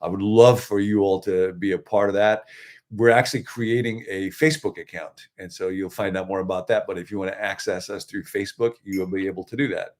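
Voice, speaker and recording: A man's voice: sits low, steady tone, fairly quick, a little mellow. A middle-aged man, a pastor, co-hosting a livestreamed devotional talk and teaching in a conversational way with asides to viewers. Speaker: pastor and co-host.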